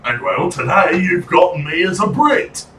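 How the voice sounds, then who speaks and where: A man's voice: high voice, big pitch swings, normal speed, bright, forceful tone, reverberant, distant mic, a little hiss or hum, voice pushed up, full character voice. A man putting on an exaggerated British accent as a fussy, indignant Englishman. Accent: put-on British.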